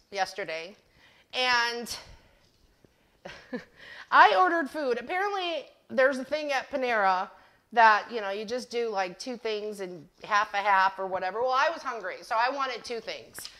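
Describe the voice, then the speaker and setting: A woman's voice: fairly high pitch, measured pace, pauses often, pushed and bright. A middle-aged woman hosting a DIY craft livestream, chatting casually and laughing at herself while she demonstrates. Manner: giggly, self-deprecating storyteller. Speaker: craft channel host.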